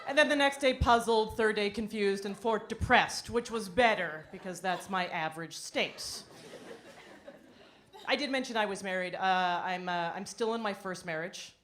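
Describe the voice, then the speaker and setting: A woman performing a stand-up comedy set on a club stage, wry and self-deprecating, breaking into animated impressions. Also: mid-range voice, moderate pace, slight background noise.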